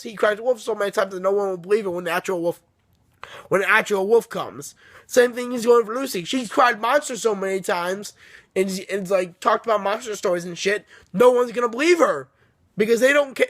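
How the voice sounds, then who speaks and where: High-voiced young man rambling a recap. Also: fairly bright tone, no echo. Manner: rambling, swears and apologizes often, laughs. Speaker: book reviewer. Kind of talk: casual rambling book recap. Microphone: phone camera.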